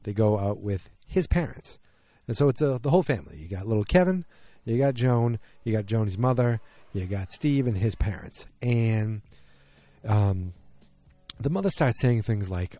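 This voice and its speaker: A man's voice: lowish voice, expressive, moderate pace, warm tone, no echo. A man hosting a podcast, recapping an episode in a casual, rambling way with lots of fillers and restarts. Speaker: podcast host.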